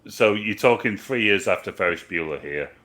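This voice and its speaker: A man co-hosting a movie review show, chatting casually and jumping in eagerly with quick remarks. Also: on the low side, expressive, a crowd in the background. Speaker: movie review podcast co-host. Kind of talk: casual chat.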